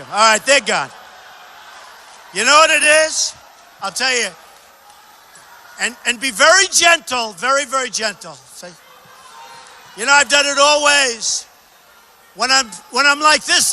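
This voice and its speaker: A man from New York giving a campaign rally speech in a large arena, speaking loudly in short, repeated phrases into a podium microphone. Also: a little hiss or hum. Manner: loud, repetitive short phrases to a crowd. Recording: booming echo of a big arena.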